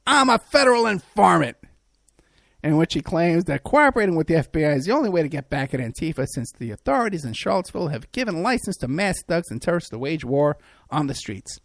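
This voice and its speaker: A male podcast host delivers mocking commentary in a gravelly, fry-laden voice, pitched a bit high for a man. He rambles, restarts and fills pauses as he goes. The sound is close and dry. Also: very animated, no echo. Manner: rambling, sarcastic, many fillers and restarts. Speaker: podcast host and private investigator.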